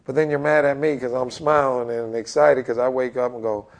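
A gravelly-voiced man in his forties, a basketball head coach, tells stories in an energetic interview at a normal pace with hardly any pauses. He's animated, acting out quotes with big jumps in pitch.

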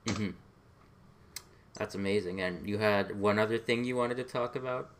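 A man's voice: on the low side, moderate pace. A young man moderating a podcast in a loose, unscripted way, restarting his sentences. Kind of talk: casual podcast hosting.

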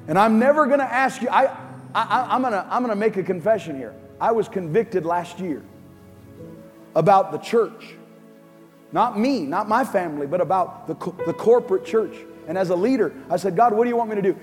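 A pastor delivers an impassioned sermon from the stage of a large church auditorium, his voice high for a man. At a normal speed, he rises to urgent, near-shouted lines and then drops to quiet, hushed ones. Music plays beneath him, and a long hall reverb trails every phrase.

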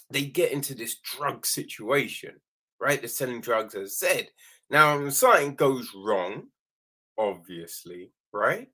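A man giving a casual spoken film critique, animated, often tossing in "right?" and acting out quick quoted lines, with some swearing. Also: a little high. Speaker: film reviewer.

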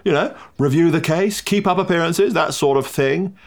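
A man's voice: on the high side, normal speed, lightly acted. A man voicing a smug, posh young lord who rambles with many hesitations.

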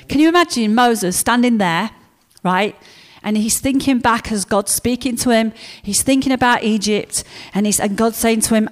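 A woman preaching a sermon, telling stories in a lively way and acting out the characters. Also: a little high, normal speed, hardly any pauses.

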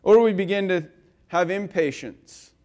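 A male pastor giving a conversational sermon, telling stories with lively swings between loud and quiet and filling his talk with "like" and "you know.". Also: high voice, a little slow. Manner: animated storyteller, swinging between loud and soft; casual, with frequent "like" and "you know".

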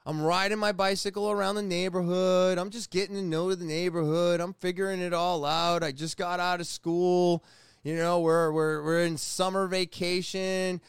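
A man in his forties from New England telling a personal story in a casual, profane, animated way, often restarting his sentences. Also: high voice, normal speed, smooth, no echo, clean studio sound. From New England, USA. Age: 40s.

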